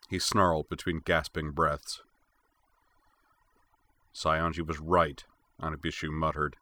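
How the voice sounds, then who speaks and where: A man narrating a fantasy novel as an audiobook reader, steady and clear. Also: low voice, dry recording. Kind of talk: scripted narration.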